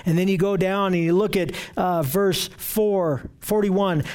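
A man's voice: high-pitched, fairly even intonation, unhurried, few pauses, a little mellow. A man preaching an earnest sermon, reading scripture aloud and often repeating words as he searches for phrasing.

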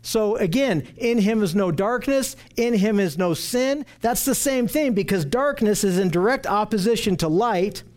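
Earnest male Bible teacher with a high voice, slow deliberate scripture reading. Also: lively intonation, a little mellow. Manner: earnest, emphatic, repeats phrases for stress.

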